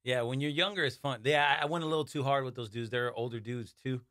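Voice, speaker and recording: A man's voice: mid-range voice, steady tone, fast talker, fairly bright tone, no room sound, studio quality. A man as a podcast guest, telling laid-back, profane stories in casual chat.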